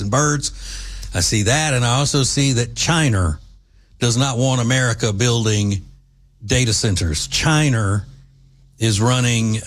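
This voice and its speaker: Male radio talk host, folksy and opinionated, mid-pitched voice, loose rambling delivery.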